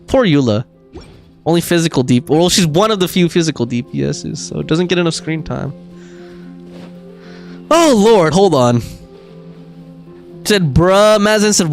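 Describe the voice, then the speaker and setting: A man's voice: sits high, huge pitch swings, normal speed, pauses often, faint music behind. A man streaming a game, chatting casually and reading viewer messages aloud, with frequent laughs and fillers. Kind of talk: casual gaming livestream chat.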